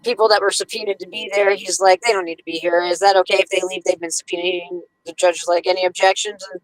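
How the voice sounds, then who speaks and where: A woman's voice: fairly low pitch, level tone, fast talker, low-quality recording. A woman telling her story on a podcast in casual chat, heated and profane, often acting out what others said.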